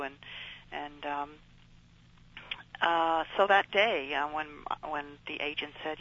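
A woman's voice: deep voice, steady tone, normal speed, pushed and bright, lo-fi sound. A middle-aged woman, a guest and the mother of child actors, telling her story in an earnest, rambling way with many fillers. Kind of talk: storytelling in conversation.

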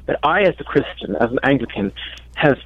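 A man's voice: mid-range voice, lively intonation, brisk, breathy edge, muffled recording. A man speaking earnestly as a guest on a radio talk show. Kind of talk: radio interview answers.

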